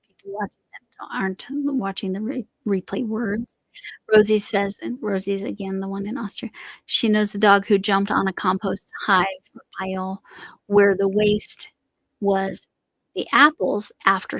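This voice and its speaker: A middle-aged woman chats casually as she hosts a crochet livestream, rambling and often trailing off. Her voice has a gravelly fry and sounds a little worn. The sound is close and dry. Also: mid-range voice, fairly bright tone, no echo, low-quality recording. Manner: rambling, chatty, trails off and restarts. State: voice slightly going. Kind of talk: casual chat while crocheting.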